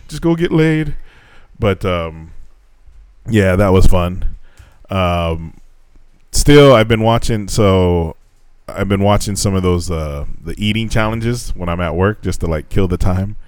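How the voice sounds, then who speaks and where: A man living in Japan co-hosts a casual podcast, speaking a little slowly in a smooth voice, captured in a dry recording. He rambles with restarts and swears heavily, and his voice leaps high when he gets worked up telling stories.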